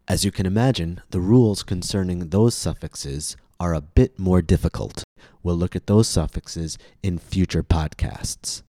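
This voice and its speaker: A man with an American accent hosting a pronunciation podcast, reading a scripted lesson and drawing out example words slowly and deliberately. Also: low voice, warm tone, no room sound, studio quality. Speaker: pronunciation teacher and podcast host.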